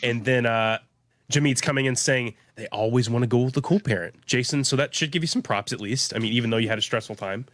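A man hosting a live show, relaxed and full of fillers as he reads out viewer comments. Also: mid-range voice, fast, no echo. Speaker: host. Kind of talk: casual chat, reading comments.

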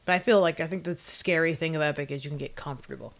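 A woman's voice: low voice, fast talker, gravelly. A young woman teaching abroad, talking casually on a podcast about studying animation and pronunciation.

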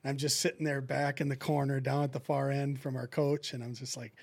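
Man, middle-aged, former goalie, chatty storyteller, mid-pitched voice, acts out the voices in his anecdotes. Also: fairly quick, gravelly. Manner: animated anecdotes, acting out what people said. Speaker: guest, former hockey goalie who coaches goalies. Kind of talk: casual storytelling in a podcast chat.

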